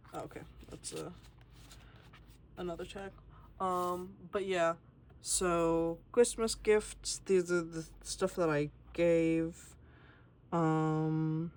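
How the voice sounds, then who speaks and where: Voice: mid-range voice, darkish tone. A young adult artist giving a casual, rambling tour of a sketchbook and swearing freely along the way.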